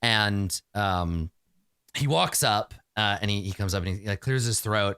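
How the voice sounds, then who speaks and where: A man narrating as game master in a rambling, animated storytelling way, full of fillers and restarts. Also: fairly low pitch, a little slow, smooth, no echo.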